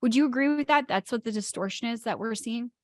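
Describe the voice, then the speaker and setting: A woman's voice: fairly high pitch, fast talker, darkish tone, dry recording. A woman co-hosting a spiritual talk show, stressing key words as she explains ideas. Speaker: podcast co-host.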